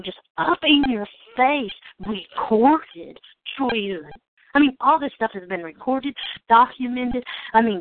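A woman from Georgia with a Southern accent, delivering an indignant, sarcastic rant and swearing freely. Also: fairly high pitch. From Georgia, United States. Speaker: host of a call-in show. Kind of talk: angry monologue. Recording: tinny phone line.

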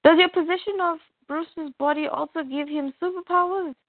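A woman's voice: very high voice, fairly even intonation, moderate pace, no room sound, voice pushed up. A woman voicing a plant villainess who dotes on her child, in a comic read-aloud. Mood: doting. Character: adult woman plant villain, doting mother. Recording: tinny phone-like dry sound.

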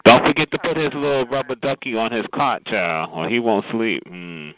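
Over a tinny phone line with heavy background noise, a man hosts a call-in show at a moderate pace and medium pitch. He sassily roasts a caller for comedy, drawling "child" and "honey" between every jab.

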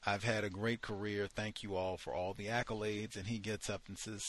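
A man's voice: fairly low pitch, little pitch movement, moderate pace, hardly any pauses, a bit bright. A man hosting a study session, reading passages aloud from a book and breaking off into heated commentary, with frequent fillers while he searches the text.

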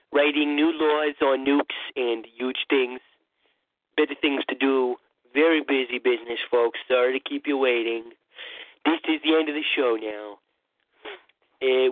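A man's voice: medium pitch, no echo, close to an everyday voice. A man putting on a boastful, rambling old male politician parody in a comedic impression monologue, stammering and repeating himself. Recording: tinny phone-like dry sound.

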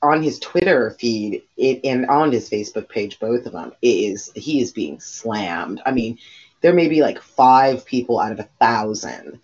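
A woman's voice: a bass voice, lively intonation, measured pace, a little mellow, husky. A woman co-hosting a podcast in casual chat, rambling and swearing freely, with lots of fillers. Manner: rambling, profane, many fillers. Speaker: podcast co-host. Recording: dull lo-fi recording.

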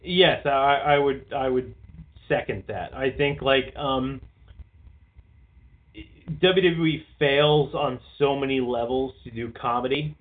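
Over a tinny, phone-like line, a podcast co-host rambles in a slow, mid-range voice. He swears freely and leans heavily on "like" throughout the casual chat.

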